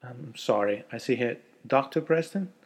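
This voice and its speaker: A man voicing a formal female clinic secretary in a read-aloud story, flat and businesslike. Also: mid-range voice, normal speed, slightly rough.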